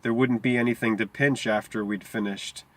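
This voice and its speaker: A man's voice: medium pitch, fairly even intonation, moderate pace, fairly bright tone, no room sound, natural voice. A man reading as a brooding, intense teenage boy. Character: quiet, intense teenage boy gang member.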